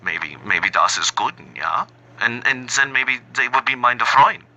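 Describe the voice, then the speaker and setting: A man putting on a bumbling, halting German accent, playing an overly polite German man who keeps searching for his words. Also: mid-range voice, sharp tone, voice pushed up, low-quality recording. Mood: mocking. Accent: put-on German.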